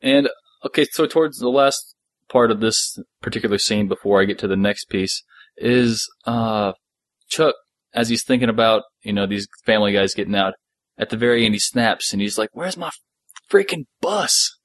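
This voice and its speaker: Low-voiced laid-back male podcast host. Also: steady tone, moderate pace, no echo. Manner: enthusiastic, laid-back fan banter. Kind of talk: casual chat.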